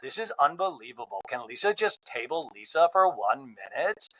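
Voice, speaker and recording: A man's voice: mid-range voice, sing-song, moderate pace, bright, forceful tone, breathy edge, full character voice, rough recording. A man doing an exasperated, defensive woman reality star.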